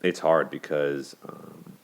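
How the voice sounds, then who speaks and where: A man's voice: rumbling low, steady tone, slow pace, clean tone. A man hosting a show, giving casual commentary on relationships in a conversational way, with plenty of fillers and restarts. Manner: conversational, many "you know" and "like" fillers and restarts. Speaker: host.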